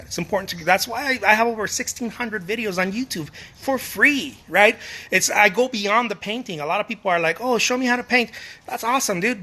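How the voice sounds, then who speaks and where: A man's voice: high-pitched, sharp tone. A middle-aged man giving a casual motivational talk to fellow artists, emphatic and repetitive, often restarting his phrases and swearing casually.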